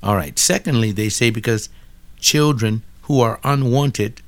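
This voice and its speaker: An older man, casually commenting on a book in a blunt, preachy way, often arguing with an imagined listener. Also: medium pitch.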